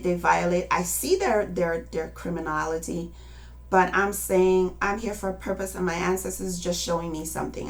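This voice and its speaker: A woman in her late fifties, an activist addressing viewers, gives an impassioned personal testimony in a mid-range, fairly bright voice. Emotional and near tears at times, she urges listeners to take action.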